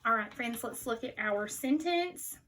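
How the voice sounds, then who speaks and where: A woman teacher giving a slow spelling dictation to young children, patiently repeating each word with care. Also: on the high side, lively intonation, fairly bright tone, slight background noise, low-quality recording.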